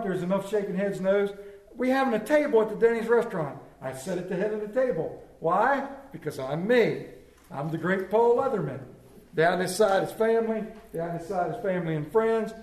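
A high-voiced man preaches in a church sanctuary, mixing scripture with humorous stories that poke fun at himself. His voice rings through a roomy, echoey hall. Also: a little fast, a little mellow. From Maryland. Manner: storytelling, self-mocking humor. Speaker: pastor. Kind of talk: sermon.

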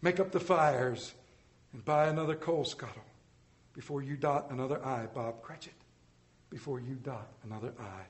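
A man's voice: medium pitch, moderate pace, roomy sound, close to an everyday voice. A man doing Scrooge, a giddy old miser. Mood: jubilant. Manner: bursts between gleeful shouts and mock growls.

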